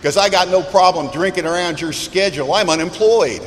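Candid man telling his story in an echoey hall. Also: high voice. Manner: candid, self-mocking storyteller with dramatic lists and pauses. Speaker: speaker sharing his story at a recovery meeting. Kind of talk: personal recovery testimony to an audience. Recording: echoey hall with faint background noise.

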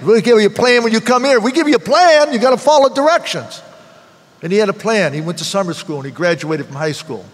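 A man's voice: high-pitched, quick pace, long reverb tail. An older man giving a heartfelt personal testimony at a recovery meeting, repeating phrases for emphasis.

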